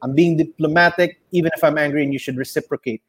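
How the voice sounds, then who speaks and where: A man's voice: a little high, fast. A man with a Filipino accent, co-hosting a casual chat and animatedly acting out the heated lines of his stories. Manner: animated storyteller, acts out heated quotes loudly. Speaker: podcast co-host.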